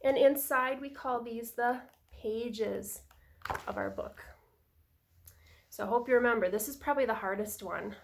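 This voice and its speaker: A woman who is a preschool teacher, reading a picture book aloud to young children in a slow, sing-song storytelling voice. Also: a little high, gravelly, a little hiss or hum.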